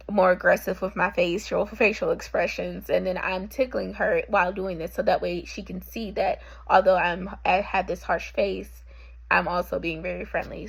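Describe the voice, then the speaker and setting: A young woman speaks in a low voice with a gravelly edge, explaining a class assignment in an unscripted way. She pauses often and restarts her sentences as she thinks aloud. Her voice sounds slightly husky. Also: rough recording. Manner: halting, with frequent ums and self-corrections. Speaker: patient representative. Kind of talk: reflective monologue for a class assignment.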